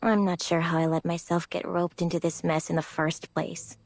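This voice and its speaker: A woman's voice: lowish voice, level tone, normal speed, a little mellow, no echo. An actress voicing a tough, detached young woman who speaks in a cool, curt way in a game. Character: tough, detached woman cleaner of arcane energy. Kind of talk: game voice acting.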